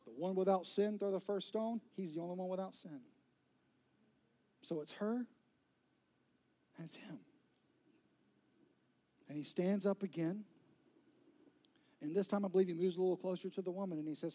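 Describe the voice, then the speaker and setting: In this sermon, a pastor with a high-pitched voice speaks at normal speed with long pauses. His storytelling is dramatic, shifting between soft whispers and emphatic peaks.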